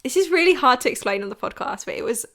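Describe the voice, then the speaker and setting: A woman's voice: high-pitched, lively intonation, fast, a bit bright. A young woman hosting a podcast, telling a dating story in a frank, chatty way with lots of "like". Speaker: podcast host. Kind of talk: storytelling chat.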